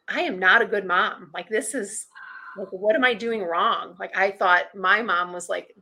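Bright-voiced woman telling a candid story. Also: mid-range voice. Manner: chatty, heavy use of "like", acts out past thoughts. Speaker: podcast guest.

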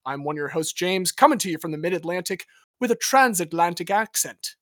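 A man's voice: high-pitched, animated, a little fast, fairly bright tone. A man hosting a casual sports podcast, upbeat and jokey. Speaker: podcast host.

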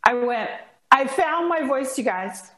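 A woman's voice: high-pitched, measured pace, echoey room. A woman, a voice coach, telling a story in a casual chat and acting out the people in it. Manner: expressive, acts out dialogue in the story. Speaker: guest, voice coach.

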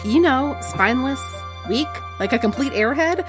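A woman's voice: high voice, animated, normal speed, over music, pitched above the performer's own voice. A woman reading aloud from a novel as a principled, frustrated teenage girl scolding her twin.

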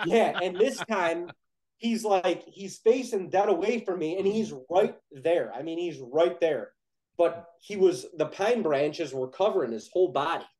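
Young man, slightly high voice, casual storyteller who gets animated and fills gaps with "like". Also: a little slow, rough recording. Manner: animated, heavy use of "like", excited retelling. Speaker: podcast guest telling a hunting story.

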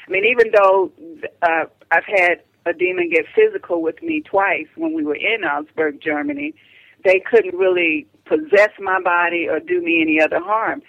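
An older woman calling in as a radio interview guest, speaking earnestly and haltingly with frequent restarts. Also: lowish voice, gravelly, no room sound. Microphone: telephone. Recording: dull, dry phone line.

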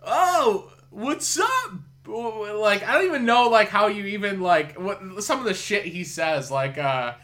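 A man's voice: high voice, expressive, moderate pace, hardly any pauses, fairly bright tone. A man hosting a podcast in casual chat, rambling with lots of fillers and swearing. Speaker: podcast host.

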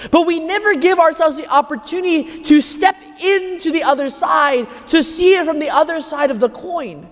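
Preacher with a high, emphatic voice. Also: male voice, normal speed. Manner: emphatic, rhetorical questions. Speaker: homilist at Mass. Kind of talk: sermon. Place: large church. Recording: echoey church hall.

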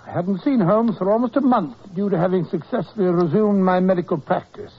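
An actor playing a brisk, proper doctor who narrates and comforts others, in 1940s radio acting. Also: male voice, sits high, breathy edge. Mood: narrating. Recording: dull old radio broadcast.

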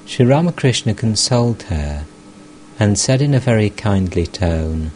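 A man narrating a spiritual text as an audiobook, in a calm and unhurried reading. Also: fairly low pitch, a little hiss or hum, low-quality recording. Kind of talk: scripted narration.

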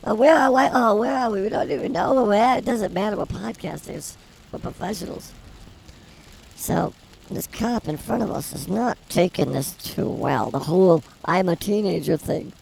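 A woman co-hosting a casual comedy podcast, telling a rambling story in a wry, deadpan way. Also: fairly low pitch, moderate pace, creaky, slight background noise, low-quality recording. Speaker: podcast co-host.

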